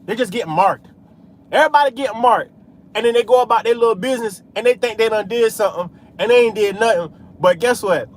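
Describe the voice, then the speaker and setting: A man's voice: high-pitched, brisk. A man preaching in a casual street style, scattering "man" and "hey" through his talk while he drives. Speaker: religious vlogger.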